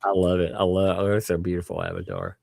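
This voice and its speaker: A man's voice: low voice, very animated, fast, gravelly, darkish tone, dry recording, clean studio sound. A man hosting a livestream, chatting casually, thanking viewers and laughing often. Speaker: livestream host.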